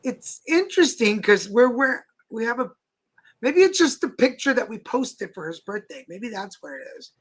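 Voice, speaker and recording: A man's voice: very high voice, big pitch swings, moderate pace. A man co-hosting a casual talk stream, mostly giving short encouraging replies and questions. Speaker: co-host. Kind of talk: casual chat.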